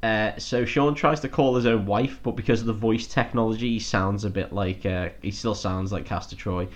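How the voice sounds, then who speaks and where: Podcast host: man, lowish voice, casual sweary rambling recap, frequent laughs. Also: steady tone, normal speed. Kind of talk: casual chat.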